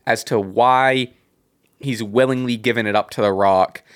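A man's voice: medium pitch, steady tone, no echo, studio quality. A man co-hosting a podcast who chats casually about wrestling, rambling and restarting his sentences as he goes. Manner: rambling, halting, with many restarts and laughs. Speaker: podcast co-host.

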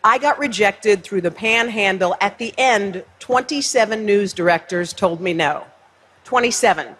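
A woman giving a lively, self-mocking storytelling speech on a stage before an audience, acting out other people's lines. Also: mid-range voice, moderate pace. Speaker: speaker.

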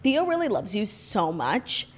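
A woman's voice: medium pitch, sing-song, measured pace. A young woman co-hosting a podcast, chatting casually with lots of "like" and "um" fillers. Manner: chatty, many likes and ums. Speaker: podcast co-host. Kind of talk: casual chat.

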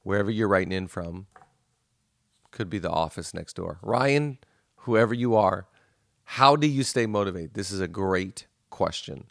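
A man's voice: low voice, lively intonation, gravelly, no echo, clean studio sound. A man hosting a podcast, enthusiastic and effusive, chatting casually. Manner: enthusiastic, effusive, quick affirmations. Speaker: podcast host.

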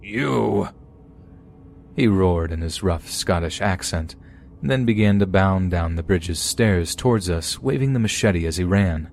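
A man hosting a podcast, reading listeners' true horror stories aloud in a steady storytelling way. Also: low voice, moderate pace, a little hiss or hum. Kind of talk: scripted horror story narration.

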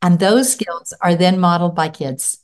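A woman's voice: on the low side, normal speed. A middle-aged woman, a parenting expert, telling a story in conversation and acting out the quoted lines with big jumps in her voice.

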